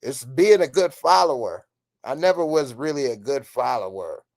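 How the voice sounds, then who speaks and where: A man's voice: mid-range voice, animated, normal speed, creaky. A man hosting a live stream, speaking in an emphatic, ranting way and answering viewer comments in casual commentary.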